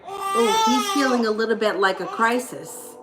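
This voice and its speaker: A woman's voice: on the high side, very animated, normal speed. A woman giving a casual live tarot reading, chatty and reassuring as she answers viewers. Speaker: tarot reader. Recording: echoey room with clear background noise.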